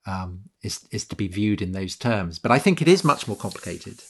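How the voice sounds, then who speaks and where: A man co-hosting a history talk, halting and repeating words before reading quotations with emphasis. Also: sits low, lively intonation, fairly bright tone, breathy edge. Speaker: podcast co-host. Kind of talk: conversational history chat.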